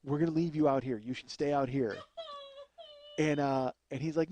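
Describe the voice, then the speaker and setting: A man's voice: on the high side, fast talker, warm tone, a little hiss or hum. A man telling a rambling, profane comic story as a podcast host, often laughing at his own tale. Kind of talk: comedic storytelling.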